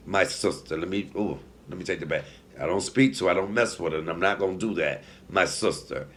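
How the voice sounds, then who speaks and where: Animated, sassy man in his forties. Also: sits low, brisk. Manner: animated, swings from hushed asides to loud outbursts; sassy, laughs at own lines, talks to viewers. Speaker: comedian. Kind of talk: personal storytelling to camera.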